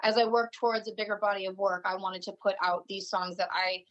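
Halting woman guest on a video call. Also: mid-range voice, steady tone, rough recording. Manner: warm, halting, many fillers and restarts. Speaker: musician guest. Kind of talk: casual interview over video call.

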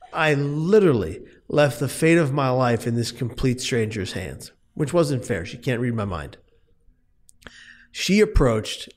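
A man's voice: mid-range voice, moderate pace. A man speaking as an interview guest, telling a personal story earnestly and with emphasis, often restarting his words.

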